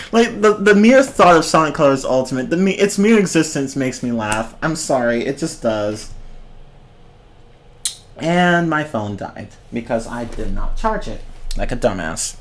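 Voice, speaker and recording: A man's voice: medium pitch, lively intonation, measured pace. Young guy streamer rambling and swearing, keeps cracking up, voice jumps all over the place, bit of background hiss. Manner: rambling, keeps breaking into giggling fits; swears casually. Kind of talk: casual livestream rant.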